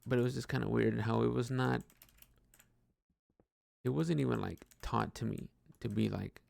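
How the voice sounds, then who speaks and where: A man's voice: mid-range voice, steady tone, fairly quick, creaky, a little mellow, no echo. A young man rambling hesitantly about his life while gaming, full of fillers and restarts, swearing casually. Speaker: podcaster.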